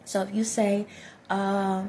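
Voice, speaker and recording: A woman vlogger with a soft voice giving direct, preachy life advice to her viewers, often checking in with the listener. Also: medium pitch, flat delivery, takes it slowly, a little hiss or hum. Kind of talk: direct-to-camera motivational talk.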